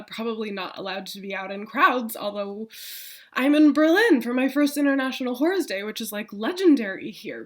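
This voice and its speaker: A woman talking casually to the camera from a room in her apartment, chatty, laughing often and swearing freely. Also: medium pitch. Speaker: vlogger.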